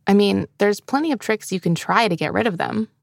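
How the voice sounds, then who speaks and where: A woman hosting a scripted children's cooking podcast, explaining steps in a clear, friendly, steady way. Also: mid-range voice, brisk, dry recording, clean studio sound. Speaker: host and magazine editor.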